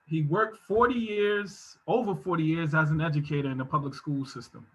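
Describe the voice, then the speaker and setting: A man giving a motivational talk over a video call from his home office, speaking in an emphatic, preacherly style that swells into shouts. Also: a little high, fairly quick, slightly rough, low-quality recording. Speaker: guest speaker.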